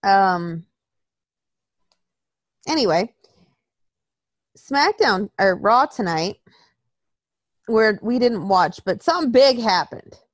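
Animated, profane woman chatting. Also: mid-range voice, takes it slowly, pauses often, no room sound, studio quality. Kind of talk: casual wrestling chat.

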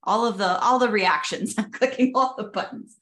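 A woman life coach speaking in an encouraging, affirming, soft-spoken way on a video call. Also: mid-range voice, normal speed. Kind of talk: coaching session.

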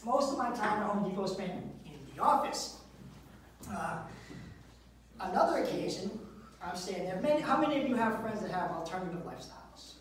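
A man's voice: sits high, expressive, a little fast, distant mic. A man doing stand-up at a live show, spinning crude stories about his job and acting out the people in them. His voice comes from well back from the mic in a very echoey room, with a faint hum of the room behind him. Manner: storytelling with crude jokes and acted-out quotes. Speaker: stand-up comedian. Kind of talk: stand-up comedy set. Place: live show venue with audience.

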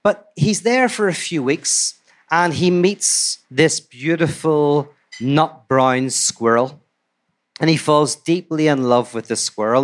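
A man telling a fairy tale to a live audience in a relaxed, conversational way with asides. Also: a little high. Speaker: storyteller. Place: live talk before an audience.

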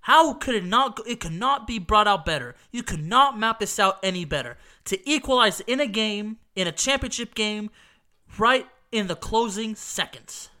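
This man's voice is high, expressive, bright, and pushed, at a moderate pace. Stuffy from allergies, he casually describes a football final watched with his dad, emphatic and repetitive, occasionally cursing and checking in with "okay?"

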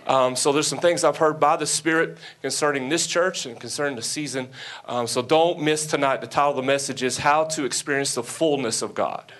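A man's voice: mid-range voice, fairly quick, a bit bright. A Southern American man preaching a sermon as a guest pastor to a congregation, folksy, with joking asides and emphatic preaching. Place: church sanctuary before a congregation.

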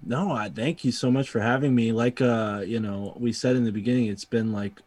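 A man from Connecticut, a podcast guest chatting casually in a rambling, laid-back way that trails off softly. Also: medium pitch, fairly even intonation, fairly quick. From Connecticut, USA.

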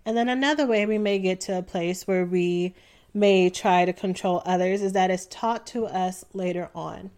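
A woman's voice: on the low side, normal speed. Young woman hosting her own podcast, easygoing chat, lots of ums. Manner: relaxed, chatty, frequent ums. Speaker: podcast host. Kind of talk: casual solo podcast talk.

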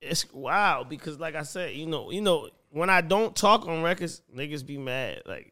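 A man's voice: fairly high pitch, animated, normal speed, few pauses, pushed and bright. A man speaking as a guest producer in casual conversation, laid-back and matter-of-fact.

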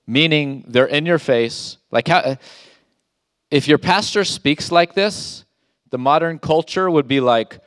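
A man's voice: a little high, slow pace, fairly bright tone, no room sound, clean studio sound. Emphatic male pastor preaching. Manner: emphatic, rhetorical questions, reads scripture aloud. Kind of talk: sermon.

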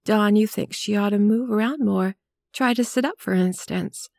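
A woman's voice: medium pitch, normal speed, creaky, darkish tone, no room sound, pitched above the performer's own voice, lightly acted. A woman voicing an anxious, doting young mother in an audiobook reading. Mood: fretful. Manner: earnest, eager, a little fretful.

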